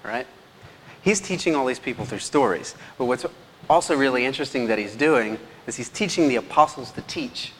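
Speaking briskly and with animation at a medium pitch, this man is a teacher running a relaxed slide presentation. He chats freely and checks in with listeners again and again, and the audio carries long hall reverb with a faint noise floor.

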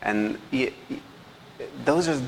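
Taking things slowly at a medium pitch, a male teacher walks through a casual slide presentation. He's talkative and checks in with his listeners a lot. Long hall reverb and faint background noise color the recording.

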